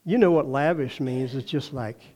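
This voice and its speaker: Speaking at normal speed in a mid-range, darkish voice, an older Texas-accented pastor delivers a sermon. He spins folksy tales, performs the voices of those he quotes, and laughs a lot.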